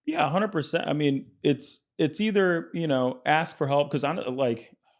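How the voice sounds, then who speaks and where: A man's voice: on the high side, moderate pace. A man being interviewed as a business guest in casual chat, telling stories with lots of fillers and acted-out quotes. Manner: animated storyteller, acts out quotes; frequent fillers and restarts. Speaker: podcast guest, entrepreneur.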